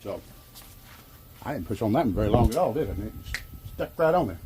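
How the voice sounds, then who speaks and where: A man's voice: on the low side, very animated, fairly quick, background noise. A middle-aged man from Arkansas with a Southern drawl, rambling in a folksy, self-amused way as he vlogs a DIY job. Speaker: vlogger. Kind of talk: casual DIY vlog talk.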